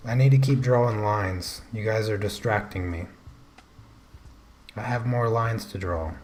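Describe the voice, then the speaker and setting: An American man hosting an art livestream, chatting casually with viewers while drawing, halting and full of fillers as he answers comments. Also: on the low side, background noise. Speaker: art channel host.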